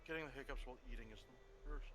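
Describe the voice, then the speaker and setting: A man's voice: medium pitch, very fast, background noise. A man chatting casually with his tabletop group before the game, telling rambling stories. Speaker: player.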